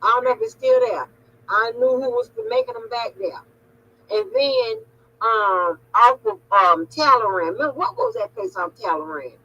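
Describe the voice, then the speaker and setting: Animated laughing woman, lo-fi. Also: on the high side, normal speed, husky. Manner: animated, laughing, loud storyteller who calls people honey and baby. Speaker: channel host on a phone call. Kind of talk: casual phone chat, storytelling. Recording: lo-fi audio.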